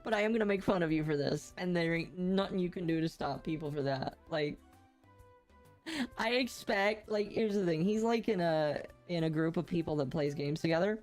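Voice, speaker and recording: A woman co-hosting a podcast gives her frank opinions in casual chat and laughs easily. Her voice sits a little low for a woman. Soft music plays faintly underneath. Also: moderate pace. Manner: blunt and opinionated, laughs often. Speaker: podcast co-host.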